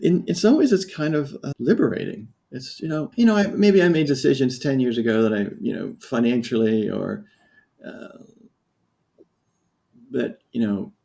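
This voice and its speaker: A man from the United States in his fifties, speaking as a podcast guest. His voice is gravelly and dark-toned. He tells his story candidly and reflectively, often breaking off and restarting his sentences. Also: mid-range voice. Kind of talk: personal storytelling in a podcast interview.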